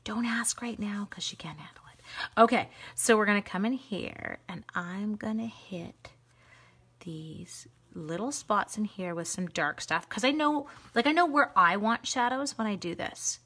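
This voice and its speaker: Chatty excitable woman hosting a craft stream. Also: mid-range voice, measured pace, husky. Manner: chatty, excitable, talks to viewers while coloring. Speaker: stamping demonstrator hosting a live stream. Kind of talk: casual live-stream craft demo.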